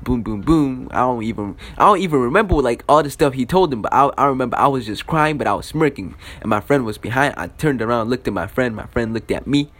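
Young guy, casual profane storyteller, lots of "you know" and "like", swinging pitch. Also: animated, fast talker, hardly any pauses, fairly bright tone. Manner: loose, profane, filler-heavy.

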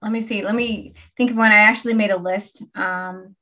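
A woman's voice: medium pitch, fairly even intonation, normal speed, pushed and bright. A woman co-hosting a podcast, talking earnestly and reflectively in casual conversation. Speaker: podcast co-host.

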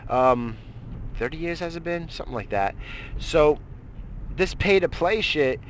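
A man's voice: a little high, animated, unhurried, a little hiss or hum. A middle-aged man hosting a morning show, ranting heatedly about politics with constant swearing and rambling restarts. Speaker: radio show host. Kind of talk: profane political rant.

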